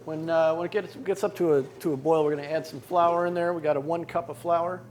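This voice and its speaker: An easygoing man with a slightly high voice co-hosts a cooking demonstration in a studio kitchen. He talks plainly through what he is mixing, with faint noise in the background. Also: fairly even intonation, fairly quick, a little mellow. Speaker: cooking show co-host.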